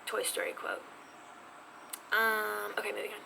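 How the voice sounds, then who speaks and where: A woman gives a casual sign language lesson from her home, teasing herself and sometimes dropping to a whisper. Her voice has a gravelly edge. The recording carries a steady layer of background noise. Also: medium pitch, unhurried. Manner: chatty, self-teasing, drops to whispers. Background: neighbor's music faintly heard.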